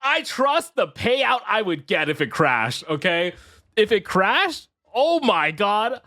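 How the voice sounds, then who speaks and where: A man's voice: sits high, very animated, slow, pushed and bright, dry recording. A man streaming casually as a VTuber. He swears, laughs often and rants half-jokingly. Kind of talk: casual live-stream chat.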